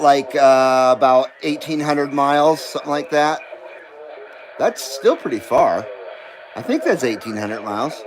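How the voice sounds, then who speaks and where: A man's voice: on the high side, a little hiss or hum, poor audio. A man hosting a CB radio livestream, reading chat messages aloud in a rambling, self-deprecating way and laughing often. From western United States.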